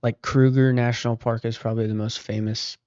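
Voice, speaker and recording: A man's voice: mid-range voice, a little fast, clear, resonant tone, no echo. A middle-aged man, a podcast guest and author, telling long casual anecdotes with easygoing restarts. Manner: relaxed, rambling anecdotes with frequent restarts. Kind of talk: casual storytelling. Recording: dull, lo-fi podcast audio.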